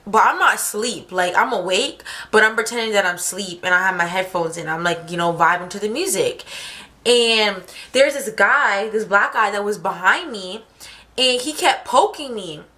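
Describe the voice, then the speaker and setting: A young woman telling a story on her vlog in a lively, slangy, fast-talking way. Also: mid-range voice. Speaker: vlogger.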